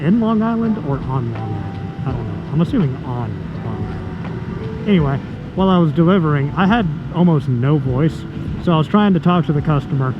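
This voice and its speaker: A young man's hoarse, slightly high voice rambles easily as he rides, filling gaps with "like" and "um". The sound is muffled and dull, as if from a helmet mic. Loud wind and traffic noise roar under everything. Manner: rambling, filler-heavy, says "like" often. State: hoarse from laryngitis. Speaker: motovlogger. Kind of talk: casual vlog chat while riding.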